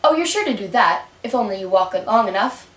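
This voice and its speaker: A woman voicing a grinning, mysterious male cat who speaks in a slow, lower, knowing drawl. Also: lively intonation, close to an everyday voice. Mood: teasing. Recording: roomy, mic set far off.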